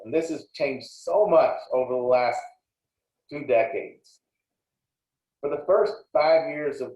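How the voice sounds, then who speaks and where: A man's voice: mid-range voice, a little mellow. A man giving a plainspoken, explanatory lecture on dairy breeding, with frequent small restarts. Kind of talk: recorded slide lecture. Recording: roomy, dull lo-fi sound.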